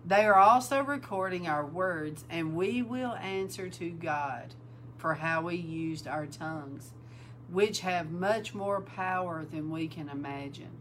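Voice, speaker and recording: A woman preaching an informal sermon, calling her listeners bride and repeating words for emphasis, sometimes breaking into loud exclaims. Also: on the low side, slow pace, a little hiss or hum, poor audio.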